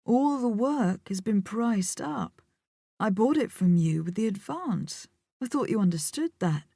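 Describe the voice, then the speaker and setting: A woman voicing a suave male gallery owner in an audiobook, speaking slowly and patiently, as if to a child. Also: medium pitch, expressive, gravelly, mellow, breathy edge, no echo, clean studio sound, full character voice. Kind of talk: audiobook character voice.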